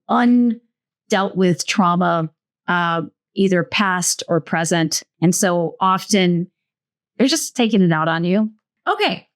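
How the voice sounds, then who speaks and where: A woman hosting a book show, summarizing a book in a casual, lively way with playful asides. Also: lowish voice. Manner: lively and playful, slips into mock voices.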